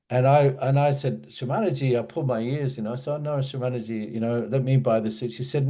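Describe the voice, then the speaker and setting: A man's voice: mid-range voice, fairly even intonation, brisk, hardly any pauses, warm tone. A man in his sixties from Australia, a guest in an interview who reminisces in a meandering, restarting way. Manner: meandering storyteller, many restarts and asides.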